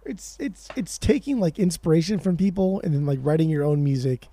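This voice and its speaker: A man co-hosting a podcast in casual chat, excitable and swearing often as he talks about music. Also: fairly high pitch, fairly quick. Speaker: podcast co-host.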